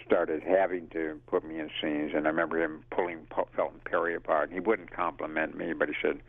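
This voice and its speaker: An older man, a veteran actor, telling lively stories in a casual interview and acting out quotes. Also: a bass voice, brisk, gravelly, dry recording. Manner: lively storyteller who acts out quotes and laughs. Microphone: phone. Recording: tinny phone line.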